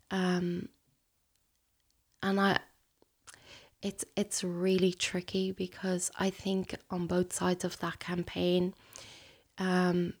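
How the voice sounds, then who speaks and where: A woman speaking slowly in a low, level voice with a gravelly fry running through it. She talks hesitantly and softly, often dropping to a breathy near-whisper, in an intimate conversation. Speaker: guest sharing a personal story.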